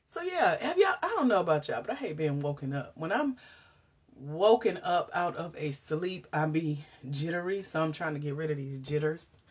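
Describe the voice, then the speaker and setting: Woman, forties, husky, livestream host, animated chatter with hushed asides. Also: low-pitched, normal speed. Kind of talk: casual livestream chat.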